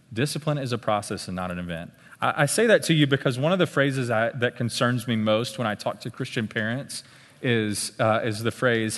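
A man giving a conversational live talk at a church parenting workshop, often checking in with his listeners with a quick "okay?". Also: medium pitch, fairly bright tone. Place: meeting room with tables. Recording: long hall reverb in a big room.

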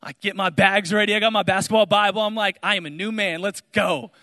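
A young man giving a spoken testimony to an audience, telling his story with lively storytelling and acting out the voices of the people in it. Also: high-pitched, brisk. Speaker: speaker sharing his testimony. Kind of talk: testimony talk to a crowd. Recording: large hall reverb.

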